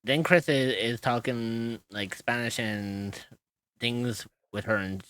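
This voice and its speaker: A man's voice: medium pitch, slow pace, fairly bright tone, clear, resonant tone, no echo. A man streaming live and chatting casually, laughing often and swearing now and then.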